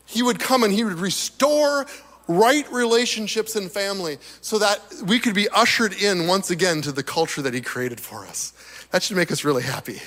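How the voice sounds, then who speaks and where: High-voiced, slightly hoarse male preacher. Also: normal speed. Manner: animated, chuckles between points. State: slightly hoarse, losing his voice. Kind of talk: sermon. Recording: long reverb of a large hall.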